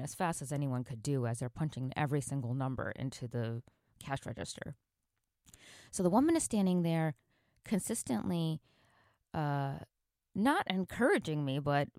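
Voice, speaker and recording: A woman hosting a podcast and telling a personal work story in an earnest, reflective way, sometimes adding sound words like "boom, boom". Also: darkish tone, no room sound, studio quality. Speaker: podcast host. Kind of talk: storytelling monologue.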